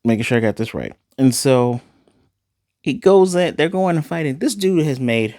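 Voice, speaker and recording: A man casually recapping an anime episode in an animated way, acting out quoted lines as he goes. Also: mid-range voice, normal speed, no room sound, clean studio sound. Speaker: anime reviewer.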